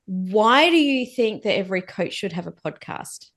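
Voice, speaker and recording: A woman's voice: medium pitch, lively intonation, moderate pace. A woman hosting a podcast, upbeat and enthusiastic in a casual interview. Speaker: podcast host.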